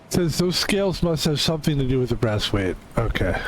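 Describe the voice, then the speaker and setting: A man's voice: medium pitch, big pitch swings, brisk, a little hiss or hum, low-quality recording. A man streaming a puzzle game, thinking aloud in a casual, playful way. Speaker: gaming streamer. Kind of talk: casual gameplay commentary.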